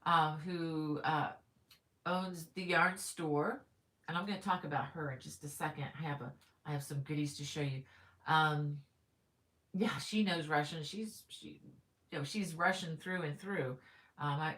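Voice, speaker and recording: A middle-aged woman with a low-pitched voice hosts a casual live stream. She chats in an upbeat way and greets viewers one by one. She fills her talk with ums and stops to correct herself. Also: normal speed, fairly bright tone. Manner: frequent ums and self-corrections. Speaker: crochet livestream host.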